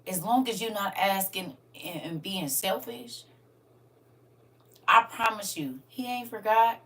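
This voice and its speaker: A woman's voice: medium pitch, unhurried, a bit bright. An older woman hosting a casual livestream, talking emotionally, laughing and exclaiming to her viewers. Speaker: livestream host. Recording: voice a bit distant from the mic.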